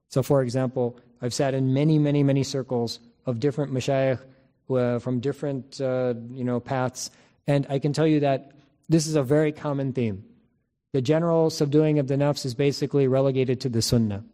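A man giving a spiritual lecture in a measured, teaching manner, often repeating key phrases and restarting sentences. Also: mid-range voice, dark tone. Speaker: religious teacher.

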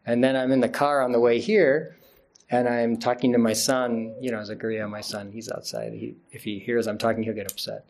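A man's voice: mid-range voice, flat delivery, brisk, creaky, a little mellow. A middle-aged man giving an informal Friday sermon as an imam, chatty and laughing often at himself. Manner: chatty, laughs often, self-deprecating asides.

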